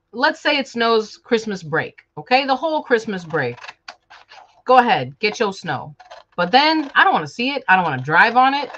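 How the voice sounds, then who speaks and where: A woman's voice: medium pitch, fairly bright tone, dull audio. A woman from Chicago, chatting casually and joking with viewers on a live stream while working on a sewing project at home. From Chicago, USA. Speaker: sewing vlogger.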